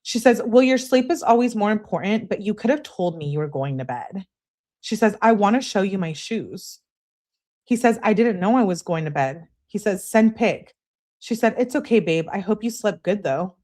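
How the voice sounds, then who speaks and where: A woman's voice: mid-range voice, normal speed. A woman hosting a live stream, reading out text messages and chatting casually with viewers between them. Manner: reads texts aloud in an animated way, chats to live viewers. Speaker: true-crime channel host.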